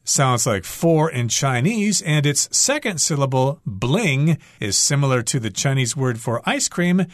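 A male English teacher co-hosting a radio lesson, patiently explaining vocabulary with examples and repeating key words slowly. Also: mid-range voice, no echo, studio quality.

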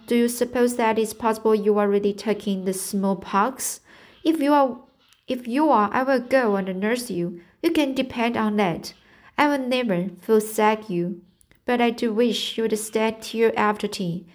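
A woman's voice: a little high, a little slow, close to an everyday voice. A woman reading aloud voices an eager, chatty young girl who pleads with her guest in a storybook. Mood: pleading.

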